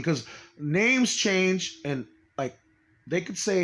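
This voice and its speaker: A man in a rambling personal monologue, swearing often, stopping and restarting, and trailing off quietly. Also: on the high side. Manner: profane, halting, trails off quietly.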